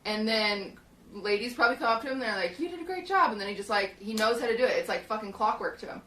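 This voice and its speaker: Bright young woman rambling through a story. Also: medium pitch, fast, echoey room, far from the mic, a little hiss or hum, rough recording. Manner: rambling, lots of "like" and restarts, acts out quotes. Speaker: streamer. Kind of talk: casual storytelling chat. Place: small hot shed studio.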